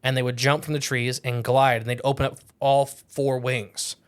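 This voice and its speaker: A man's voice: mid-range voice, little pitch movement, normal speed. A man co-hosting a casual podcast, talking in a rambling, jokey way and often correcting himself mid-sentence. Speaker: podcast co-host.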